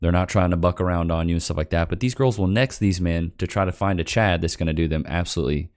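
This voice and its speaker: A man's voice: low voice, quick pace. A man hosting a reaction commentary, sarcastic and mocking, calling his viewers "chat" and "bro.". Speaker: host reacting to clips.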